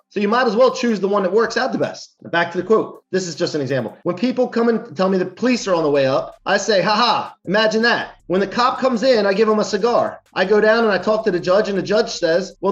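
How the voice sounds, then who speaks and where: A man giving an energetic motivational talk to his weekly viewers, speaking emphatically and repeating phrases for punch. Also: high-pitched, highs cut off.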